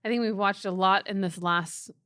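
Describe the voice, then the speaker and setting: A woman's voice: mid-range voice, fairly even intonation, normal speed, a bit bright, clean tone, dry recording. Woman, middle-aged, earnest, thoughtful, podcast co-host, dry close sound. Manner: earnest, thoughtful, with frequent filler restarts. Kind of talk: casual faith talk.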